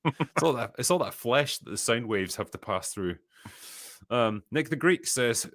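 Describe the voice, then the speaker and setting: A man's voice: medium pitch, animated, measured pace, a bit bright, no room sound. A Scottish man hosting a casual podcast, reading viewer messages aloud and answering with dry, profane, sardonic remarks. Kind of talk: casual chat.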